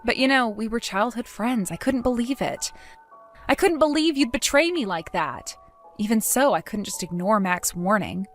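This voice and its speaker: A woman in a dramatized story, speaking as a wronged fiancée, calm, cold and accusing, over faint music. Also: fairly high pitch, moderate pace. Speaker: wronged fiancée telling her side.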